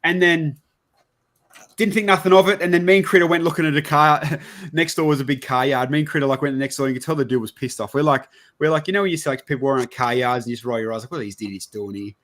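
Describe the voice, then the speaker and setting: Talking fast in a slightly high voice, an Australian man hosts a podcast. His story wanders as he chats, acting out what other people said and dropping casual swear words with animation.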